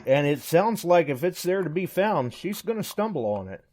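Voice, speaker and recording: A man's voice: a little high, sing-song, moderate pace, darkish tone, a little hiss or hum. A man hosting a casual chat, chiming in with agreeable short remarks. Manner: agreeable, chimes in with short responses.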